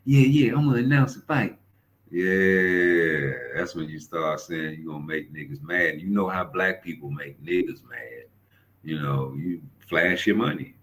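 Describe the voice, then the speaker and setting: Deep-voiced man ranting loosely. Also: fairly bright tone, low-quality recording. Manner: profane, rambling, storytelling with repeated fillers. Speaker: boxing commentary host. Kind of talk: casual commentary rant.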